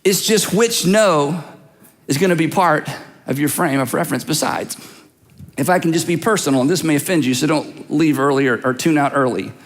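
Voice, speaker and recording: A man's voice: fairly high pitch, normal speed, big-room sound. A man preaching a sermon as a pastor, talking conversationally and teasing listeners with direct questions. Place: large church auditorium.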